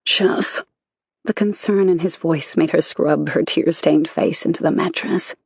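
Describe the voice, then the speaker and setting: An audiobook narrator reading a romance novel in an intimate, measured way. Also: medium pitch, vocal fry, a little mellow, breathy edge, no echo.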